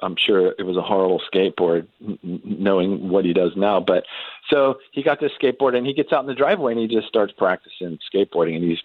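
A middle-aged man telling a story about his son in a relaxed, halting way, with many restarts and fillers. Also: deep voice, slightly rough, dry recording, narrow, tinny audio. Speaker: guest parent telling a family story. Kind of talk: casual storytelling in a faith podcast interview.

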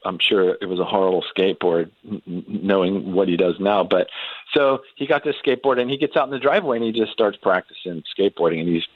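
A middle-aged man with a very low voice recounts a family story at an easy pace, pausing and restarting often. The sound is dry and a little muffled. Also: dry recording. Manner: unhurried, halting anecdote with many restarts and ums. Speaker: guest. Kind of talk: storytelling in casual conversation.

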